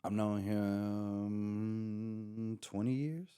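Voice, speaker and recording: Lowish-voiced comedian telling a story. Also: male voice, very slow, smooth. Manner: animated, slangy, acts out quotes. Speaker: podcast guest, comedian. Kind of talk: casual storytelling chat.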